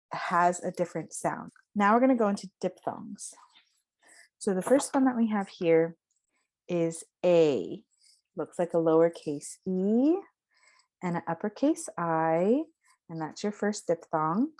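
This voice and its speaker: Lady teacher going slow through vowel sounds, kinda low voice, careful. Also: a little mellow. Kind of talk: phonetics lesson.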